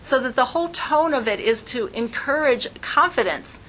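A woman leading an informal religious class in a bright, forceful voice. She teaches with lively flair and slips into little acted voices for examples, over a faint hum behind her. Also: high voice, normal speed, poor audio. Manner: lively, acts out voices in quotes.

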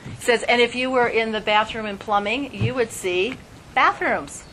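A woman giving a casual spoken Torah class, telling stories in a chatty, animated way with little laughs. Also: on the high side, moderate pace, a little hiss or hum, poor audio.

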